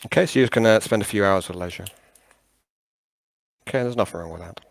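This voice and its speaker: Low gravelly guy running a tabletop game online, rambly and hesitant, dry close mic. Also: quick pace, no echo. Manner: rambling, hesitant, many fillers and restarts. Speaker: game master.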